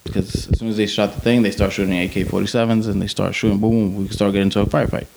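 A man in his forties, an army veteran guest telling war stories in a casual, profane, animated way. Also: fairly low pitch, very fast, creaky, a little hiss or hum, low-quality recording. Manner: profane, animated, acts out sounds and quotes.

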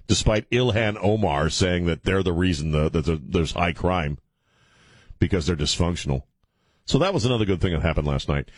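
Tired, deep-voiced talk radio host. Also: male voice, dry recording, clean studio sound. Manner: rambling, blunt, joking, with frequent fillers and restarts. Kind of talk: casual talk radio monologue. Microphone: studio broadcast microphone.

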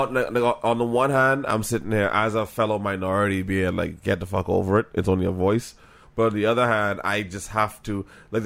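Low-voiced co-host from the Bahamas, rambling and swearing, casual talk. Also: male voice, a bit bright. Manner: rambling, profane, thinking aloud. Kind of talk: casual chat.

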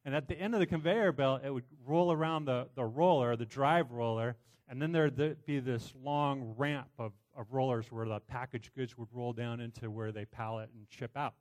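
A middle-aged man preaching, telling a personal story in an animated way with many restarts. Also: mid-range voice, moderate pace, hardly any pauses. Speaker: pastor.

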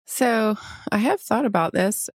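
A woman's voice: mid-range voice, animated, a little slow, husky, dry recording, clean studio sound. A woman in her forties, a nurse guest on a podcast, talking in an earnest, chatty way and laughing easily. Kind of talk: casual podcast interview.

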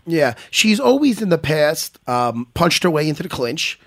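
A man hosting a podcast as a former fighter, in casual chat that is loud, profane and teasing. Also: a little high, sing-song, moderate pace, dry recording, clean studio sound.

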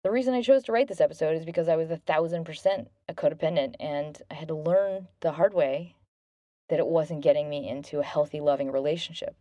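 A woman in her thirties hosting a self-help podcast, talking gently and earnestly about relationships. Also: deep voice, fast talker, no echo, muffled recording. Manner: gentle, earnest, bubbly when thanking listeners. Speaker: podcast host.

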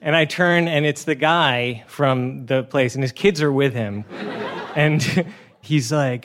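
Young man, comic storyteller, live stage, filler-heavy, slightly high-pitched. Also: unhurried, fairly bright tone. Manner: chatty, many "uh" and "like" fillers, laughing through the story. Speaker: storytelling contestant. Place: stage before a live audience.

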